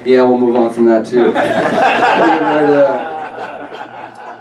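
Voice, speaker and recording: A man's voice: mid-range voice, extremely slow, pauses often. A man doing a stand-up comedy set on stage, loose and self-mocking as he teases the crowd. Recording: live club mic, far off, roomy, crowd laughter. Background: audience laughter.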